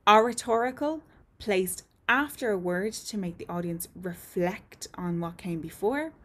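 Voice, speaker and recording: A woman explains a lesson to her viewers in a clear, methodical way. Her voice sits a little low, and she often fills gaps with ums as she works through each point. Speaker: voice and speech teacher.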